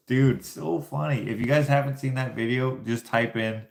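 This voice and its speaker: A man's voice: mid-range voice, moderate pace, creaky, hardly any pauses. A Canadian man telling casual, rambling stories to his viewers, laughing often. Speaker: YouTuber. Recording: echoey room.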